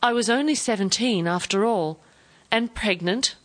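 A woman's voice: mid-range voice, normal speed, a bit bright, pitched above the performer's own voice, lightly acted. A woman voicing an ambitious young English wife who talks eagerly and then defiantly.

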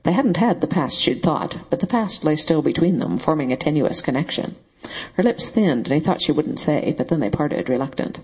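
A man narrating a novel in a steady, even storytelling voice. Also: a little high, moderate pace, breathy edge, poor audio. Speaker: audiobook narrator. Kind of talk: scripted narration.

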